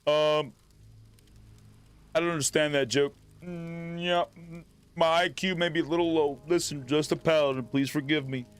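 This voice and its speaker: A man's voice: fairly high pitch, steady tone, normal speed, clear, resonant tone, faint music behind. A man streaming a video game, chatting casually with laid-back, jokey banter. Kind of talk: casual live-stream commentary.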